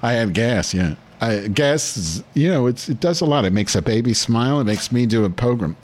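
A podcast host with a medium-pitched, expressive, slightly mellow voice at normal speed swears nonstop. He crudely and abrasively mock-insults a caller in a profane call-in chat.

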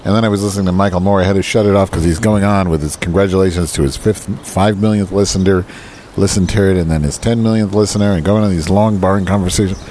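A man's voice: deep voice, fairly even intonation, fast, a little mellow. A man ranting in a casual vlog from a park bench, profane, grumbling and self-pitying. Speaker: vlogger. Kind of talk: rambling outdoor vlog rant. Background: birds and passing traffic.

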